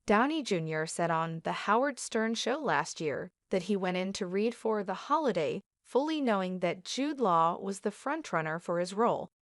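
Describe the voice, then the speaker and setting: A woman narrating a scripted entertainment news piece in an even, read-aloud delivery. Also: medium pitch, moderate pace, hardly any pauses, dry recording, clean studio sound.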